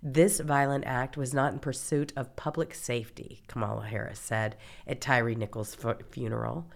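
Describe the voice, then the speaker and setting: A woman's voice: a bass voice, fairly even intonation, moderate pace, creaky. A woman from Mississippi hosting a political talk show, indignant and exasperated. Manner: indignant, exasperated, reads quotes aloud. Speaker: host.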